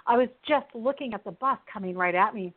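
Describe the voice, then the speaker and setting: A woman's voice: fairly high pitch, a little fast. A woman hosting a Christian talk show, telling personal stories earnestly and with animation, often laughing. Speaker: radio show host. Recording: tinny phone-like sound.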